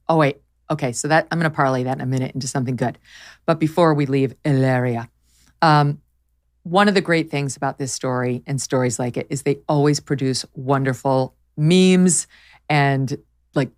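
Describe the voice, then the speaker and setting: A woman hosts a casual commentary show in a somewhat low voice. She talks in a mocking, incredulous way and laughs often. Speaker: show host.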